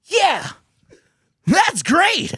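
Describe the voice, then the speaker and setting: A man putting on the voice of Goku, a cheerful young male martial-arts hero, with drawn-out, hearty exclaiming cries. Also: very high voice, wildly swooping pitch, sharp tone, voice pushed up, exaggerated voice. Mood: excited.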